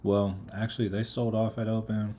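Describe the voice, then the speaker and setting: Speaking at a moderate pace in a lowish, level, mellow voice, this man munches through his live market commentary with his mouth full, calling out chat viewers by name. A faint hiss or hum sits under the audio.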